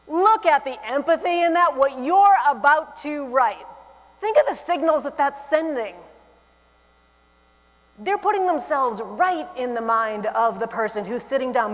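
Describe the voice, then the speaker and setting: Humorous woman giving a keynote. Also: high voice. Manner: lively, humorous, animated delivery. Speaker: keynote speaker. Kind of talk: conference keynote talk. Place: large conference hall, on stage. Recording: long hall reverb.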